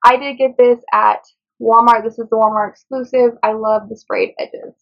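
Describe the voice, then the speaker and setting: A woman's voice: fairly high pitch, fairly even intonation, moderate pace, gravelly, muffled recording. A woman chatting casually through a book haul in a rambling way, often tripping over titles and author names. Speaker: book vlogger.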